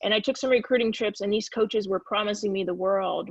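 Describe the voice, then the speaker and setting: A woman's voice: mid-range voice, a little fast, few pauses, no echo, lo-fi sound. A woman from California, a former soccer player and guest in a video-call Q&A, telling stories casually and acting out quoted dialogue. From California, USA. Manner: lively storyteller who acts out quoted dialogue.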